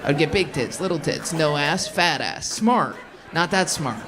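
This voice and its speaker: Working the crowd at a comedy club, a brash, foul-mouthed woman riffs with the audience in a deep, lively voice at a moderate pace. It's a very noisy, roomy recording with the crowd loud in the mix.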